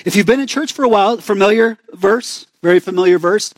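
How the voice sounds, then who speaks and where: Young guy with an arizona accent giving a chatty sermon, fairly high voice, dry close sound. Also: fairly quick, no room sound. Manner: conversational, asks the congregation questions. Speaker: pastor.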